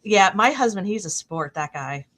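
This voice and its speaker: A middle-aged woman hosting a casual chat stream, telling a long anecdote with fillers and lively quoted voices. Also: medium pitch, moderate pace. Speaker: stream host.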